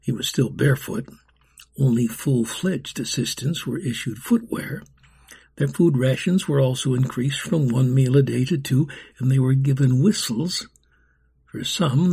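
A man's voice: mid-range voice, unhurried, creaky, dark tone, slightly rough. A man reading a storybook aloud in a dramatic way, often dropping to a whisper. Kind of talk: storybook narration.

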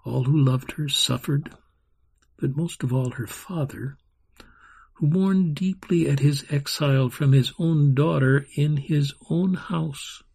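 A man reading a story aloud as scripted narration, slow and dramatic. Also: fairly high pitch, vocal fry, darkish tone, husky. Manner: slow, dramatic storytelling with sung-out carnival sounds.

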